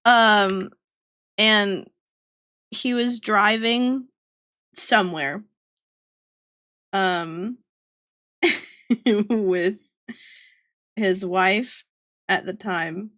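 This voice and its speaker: A woman's voice: mid-range voice, very slow, pauses often, bright, forceful tone. A young woman from Georgia with a light Southern accent, chatting and giggling as she tells rambling family stories on a stream. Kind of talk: casual storytelling while drawing.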